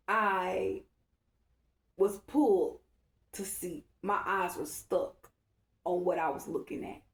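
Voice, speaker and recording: A woman's voice: mid-range voice, darkish tone. A woman, a spiritual reader, telling a rambling, emphatic story to her followers and often checking in with "okay?". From Dallas-Fort Worth area, Texas. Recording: echoey room.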